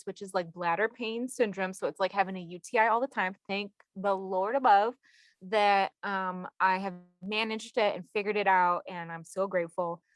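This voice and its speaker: A woman guest therapist chatting casually on a podcast, telling stories with lively acted-out quotes, saying y'all and swearing casually. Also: mid-range voice, no echo. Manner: animated storyteller who acts out quoted people.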